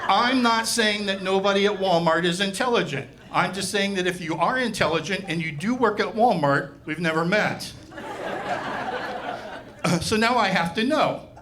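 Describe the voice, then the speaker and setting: High-voiced exasperated male stand-up comic. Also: sharp tone. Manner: exasperated, sardonic storytelling. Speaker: stand-up comedian. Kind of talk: stand-up comedy routine. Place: live comedy venue with audience. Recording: live show recording, room noise.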